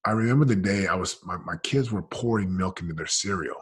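A man's voice: low voice, a little fast, breathy edge. A man in his forties, a podcast guest telling his story candidly in an emphatic, casual, slangy way.

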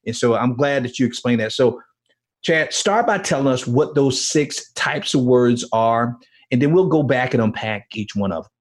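A man's voice: medium pitch, expressive, moderate pace. A man hosting a podcast interview, talking in a friendly, conversational way with frequent fillers. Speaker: podcast host.

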